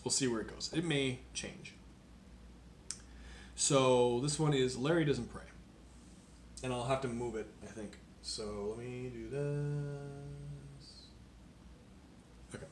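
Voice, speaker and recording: A man's voice: medium pitch, steady tone, takes it slowly, long pauses. A man reading poems aloud on a live stream and chatting casually with his viewers between them. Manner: reads poems aloud with playful rhythm, chats casually with viewers. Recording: roomy sound with faint background noise.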